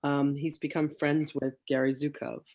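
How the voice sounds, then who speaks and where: An interview host sharing a favorite book and asking the guest gentle, admiring questions. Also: mid-range voice, level tone, moderate pace. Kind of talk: conversational interview.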